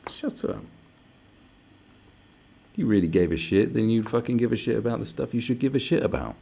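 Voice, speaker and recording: A man's voice: mid-range voice, expressive, quick pace, gravelly, mellow, breathy edge. A man ranting to camera, sarcastic and mocking, swearing a lot. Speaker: vlogger. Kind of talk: angry profane rant.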